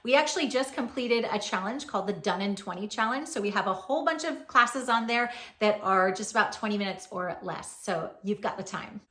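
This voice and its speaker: A woman's voice: medium pitch, animated, fairly quick, few pauses, sharp tone. Joking blunt woman in an echoey room. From Hawaii. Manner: blunt, joking, sometimes swears. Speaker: yoga teacher. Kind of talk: casual Q and A vlog.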